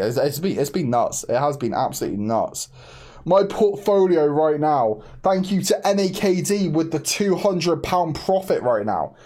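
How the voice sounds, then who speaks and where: A young man hosting a casual livestream, chatty and excitable, laughing often and talking straight to his chat. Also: fairly high pitch. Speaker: livestream host.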